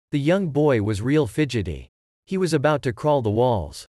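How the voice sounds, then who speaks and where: A man narrating a true story in a lively, rising-and-falling voice. His pitch sits in the middle range. The recording is close and dry. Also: normal speed, no room sound. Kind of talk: scripted narration.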